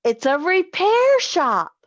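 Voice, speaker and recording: A woman's voice: very high voice, very animated, takes it slowly, no room sound, highs cut off, pitched above the performer's own voice, heavily acted. A woman voicing an imaginative little boy in a children's story read aloud. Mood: playful.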